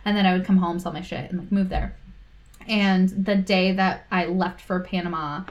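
A woman's voice: lowish voice, normal speed, highs cut off. Chatty woman telling stories. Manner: animated, lots of "like", acts out quoted voices. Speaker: podcast guest. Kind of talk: casual storytelling.

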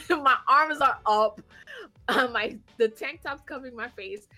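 A woman in her thirties telling a rowdy story in casual chat, animated and swearing, laughing as she goes. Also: high voice, a little slow, soft background music.

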